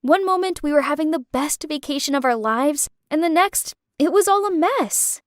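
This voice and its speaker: A young woman telling a dramatic first-person story in an animated way. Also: high-pitched, moderate pace, no echo, clean studio sound.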